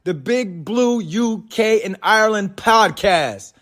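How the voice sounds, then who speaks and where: Excited man shouting a podcast intro. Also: high-pitched, noisy background. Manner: loud, excited, drawn-out chanting. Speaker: guest voice recording the show intro. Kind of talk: hyped recorded intro.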